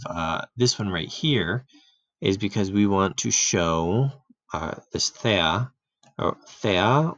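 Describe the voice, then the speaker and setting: A man giving a relaxed, casual grammar lesson, full of fillers and restarts, who often clears his throat. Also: low voice, dry recording. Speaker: Greek teacher. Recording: dull, dry home recording.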